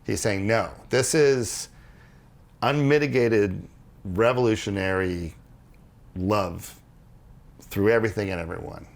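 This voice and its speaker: A man's voice: takes it slowly, pauses often. A man on a podcast, explaining ideas earnestly in casual conversation and acting out quoted dialogue as he goes. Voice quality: low gravelly voice, husky. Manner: earnest, animated storytelling with restarts and quoted dialogue. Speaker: podcast co-host explaining religious history.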